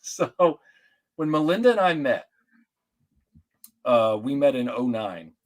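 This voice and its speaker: A man's voice: medium pitch, slow pace. Rambling middle-aged man from Atlanta. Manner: rambling, animated, many restarts and fillers. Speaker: guest. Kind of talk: casual storytelling chat.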